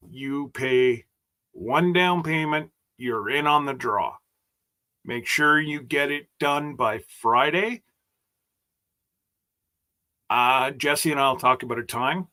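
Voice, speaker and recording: A man's voice: a little high, takes it slowly, long pauses, sharp tone. A man hosting a casual livestream chat, rambling and joking as he stumbles over his words. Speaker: host.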